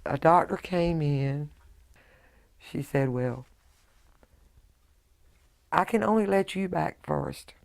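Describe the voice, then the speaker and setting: A middle-aged woman, a widow giving emotional personal testimony in a halting way, full of quoted dialogue. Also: low voice, expressive, creaky. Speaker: widow telling her story.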